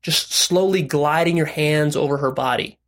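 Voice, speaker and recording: A man's voice: on the high side, moderate pace, fairly bright tone. A man giving frank, direct relationship and sex advice in a casual monologue, explaining step by step with "right?" asides.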